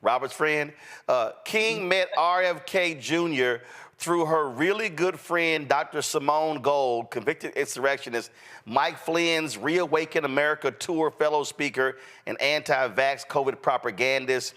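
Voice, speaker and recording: A man's voice: a little high, measured pace, a bit bright. A man hosting a political commentary show, talking bluntly and emphatically in a colloquial way. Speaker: host.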